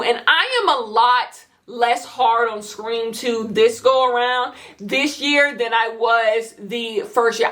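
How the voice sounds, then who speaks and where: Woman, vlogger, casual movie chat, somewhat high voice, rambling, filler-heavy, emphatic. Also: fairly bright tone. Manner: chatty, rambling, lots of "like" fillers; enthusiastic, emphatic repetition.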